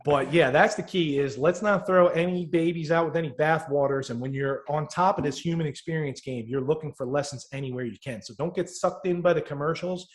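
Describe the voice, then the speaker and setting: A man co-hosting a podcast, telling stories in a casual, animated way and swearing freely. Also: a little high, a little fast, hardly any pauses. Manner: profane, animated storyteller. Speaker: podcast co-host. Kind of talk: casual chat.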